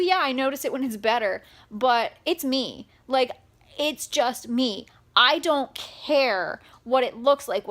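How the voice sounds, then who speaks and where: Young woman vlogging after a rough day, kinda high voice, choked up, lots of pauses and um's. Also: a bit bright. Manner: upset, on the verge of tears; halting, with many pauses and fillers. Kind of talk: emotional personal vlog.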